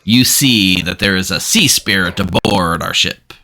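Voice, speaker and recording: A man hosting a streamed game, quickly explaining its rules to players. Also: low voice, gravelly, sharp tone, slight background noise. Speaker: game storyteller and stream host. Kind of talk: running a social deduction game on stream.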